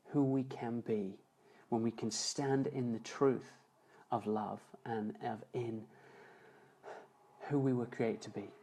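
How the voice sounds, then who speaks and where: A man telling an emotional story as a motivational speaker on a live stream, earnest, slowing and dropping softer for emphasis. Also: mid-range voice, rough recording. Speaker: motivational speaker and seminar founder. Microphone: phone or webcam on a live stream.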